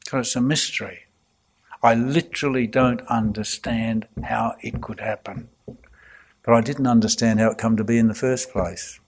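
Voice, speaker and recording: A man, a clergyman giving a reflective talk full of anecdotes and gentle humour. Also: medium pitch, steady tone, moderate pace, a little hiss or hum.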